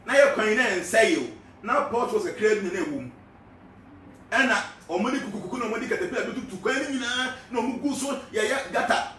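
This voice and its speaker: Ghanaian male live host, high voice, rhetorical and animated, faint background noise. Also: a little fast. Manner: animated, switches between Twi and English, asks rhetorical questions. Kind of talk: casual political commentary. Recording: echoey, far from the mic, faint background noise.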